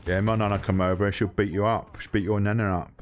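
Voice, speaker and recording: A man's voice: on the low side, flat delivery, quick pace, a little hiss or hum. A man with an English accent taunting other players in game voice chat, mocking and boastful, speaking through a headset. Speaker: streamer trolling other players. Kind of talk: insulting banter over game voice chat.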